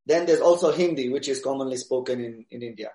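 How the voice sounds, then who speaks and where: A man answering interview questions in a casual, relaxed way, pausing often with fillers. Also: medium pitch, reverberant. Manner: relaxed, hesitant with many fillers. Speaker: interview guest, DJ.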